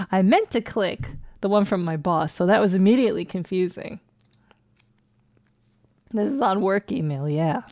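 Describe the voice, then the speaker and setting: A giggly woman streamer chats casually while she plays, reading messages aloud and tossing off jokes. Her voice sits at an ordinary middle pitch and is recorded very dry and close, with no room sound. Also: normal speed, a little mellow, no room sound. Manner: giggly, jokey, reads emails with playful voices. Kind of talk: casual let's play commentary, reading in-game emails aloud.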